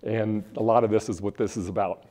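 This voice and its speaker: This man from Phoenix, Arizona, presents a live workshop on college costs for financial aid, using a handheld or stand mic in front of an audience. His voice is on the low side, steady and warm, a little fast, and he's jokey and rambling, chatting with the crowd.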